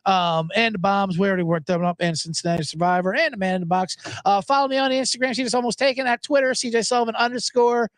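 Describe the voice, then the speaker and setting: A man's voice: high-pitched, steady tone, quick pace, few pauses, clear, resonant tone, no room sound, clean studio sound. A man hosting a sports betting podcast, ranting in a casual monologue, swearing and acting out voices as he quotes people.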